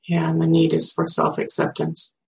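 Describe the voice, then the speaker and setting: A speaker in their sixties, teaching by demonstration, talking slowly and reflectively, searching for words and thinking aloud with pauses. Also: medium pitch, completely flat delivery, gravelly. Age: 60s. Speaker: teacher demonstrating self-empathy.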